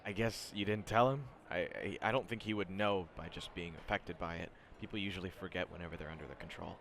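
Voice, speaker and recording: A man voicing a guarded teenage male student with a mind-control power, speaking quietly and hesitantly. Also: low voice, fast talker, gravelly, slight background noise, pitched below the performer's own voice. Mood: matter-of-fact. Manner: hesitant, quiet and slightly awkward.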